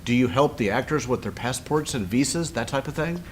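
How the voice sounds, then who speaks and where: A man's voice: medium pitch, lively intonation, fairly quick, slight background noise. A man acting as a TV interviewer in a scripted comedy sketch, asking incredulous questions. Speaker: mock TV interviewer.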